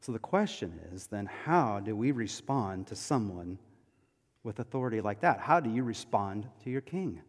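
A male pastor delivering a sermon, emphatic, moving between loud declarations and hushed, quiet passages. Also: lowish voice, lively intonation, normal speed, husky. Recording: long hall reverb.

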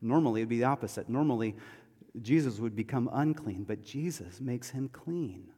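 A male pastor delivering a sermon, emphatic, moving between loud declarations and hushed, quiet passages. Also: medium pitch, expressive, moderate pace, husky. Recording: long hall reverb.

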